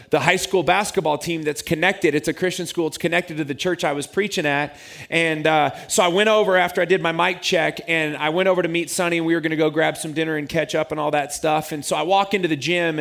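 A man in his forties preaches in a fairly high voice. He tells a story with lively, self-mocking humor, as a pastor talking to his congregation. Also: gravelly.

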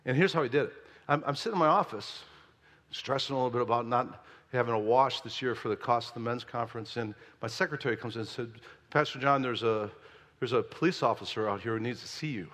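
A man preaching as pastor, telling a story in a lively, conversational way. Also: mid-range voice, quick pace. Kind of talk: sermon. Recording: long hall reverb.

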